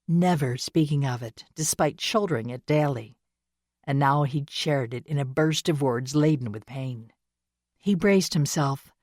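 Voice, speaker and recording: A woman narrating a historical romance audiobook in a measured, expressive manner. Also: low voice, no echo, studio quality. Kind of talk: scripted narration.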